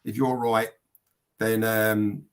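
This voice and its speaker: A podcast host with a lowish voice speaks slowly and flatly during a casual live stream. He rambles and swears as he reads viewer comments aloud.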